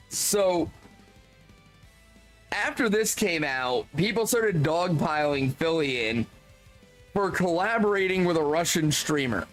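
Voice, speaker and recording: High-voiced man ranting on stream. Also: low-quality recording. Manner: exasperated, profane ranting with many "like" fillers. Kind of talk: casual stream commentary.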